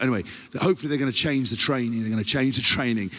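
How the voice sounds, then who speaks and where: A man's voice: mid-range voice, rapid-fire, in a large hall. An English man hosting a podcast on stage, telling a rowdy, sweary story and mimicking other people as he goes. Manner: animated storyteller, heavy swearing, acts out other people's voices. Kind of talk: live comedic anecdote. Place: live show in a large venue.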